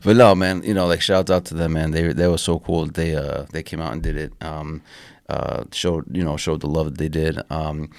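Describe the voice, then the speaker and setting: A man co-hosting a casual podcast, telling stories with excited high-pitched quotes and lots of swearing. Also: normal speed, gravelly, dry recording. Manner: lively storytelling, quotes people in high excited voices; swears casually, says man and dude a lot. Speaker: podcast co-host and actor. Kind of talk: casual chat.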